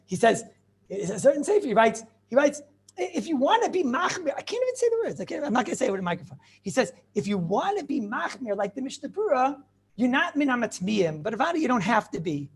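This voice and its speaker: A male rabbi gives an animated Talmud lesson in a classroom, firing off rhetorical questions and joking asides to his students. His voice has a gravelly edge and a husky grain. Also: sits high.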